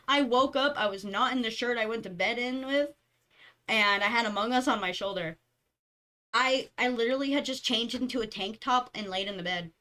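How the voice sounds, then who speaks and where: A young woman streamer chatting casually, with a slightly high voice. She rambles from one anecdote to the next and giggles often between thoughts. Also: normal speed, long pauses, bright, forceful tone. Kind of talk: casual chat.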